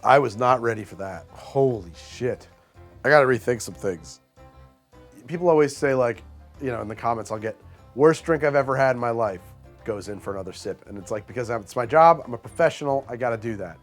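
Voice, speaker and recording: A man hosting a cocktail show, reviewing bad drinks with theatrical disgust and deadpan asides. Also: mid-range voice, fairly quick, faint music behind.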